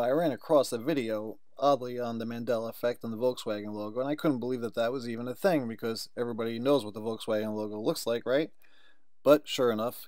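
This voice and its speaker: A man's voice: mid-range voice, darkish tone, no room sound. Man casually explaining in a dry room. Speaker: video narrator.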